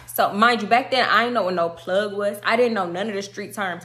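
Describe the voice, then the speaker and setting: A young woman telling a personal story in a slangy, animated way, acting out what people said. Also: mid-range voice, fairly quick. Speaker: storytime vlogger. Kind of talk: casual storytelling.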